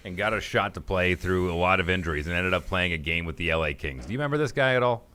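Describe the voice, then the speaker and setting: Bright-voiced man on a casual podcast. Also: deep voice, lively intonation, quick pace, smooth. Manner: jokey, slips into goofy quoted voices. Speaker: podcast co-host. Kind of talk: casual chat.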